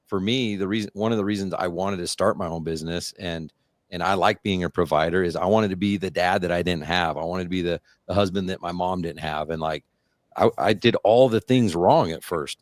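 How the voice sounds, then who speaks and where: Male podcast host, deep voice, dry sound, candid, halting delivery. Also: no echo. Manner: candid, halting with repeated words. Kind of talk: casual chat.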